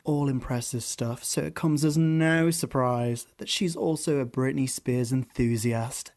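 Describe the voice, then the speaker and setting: A man's voice: medium pitch, measured pace, a little mellow. English male host in his 30s, campy chatterbox storyteller for a gossip chat. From England. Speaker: podcast host.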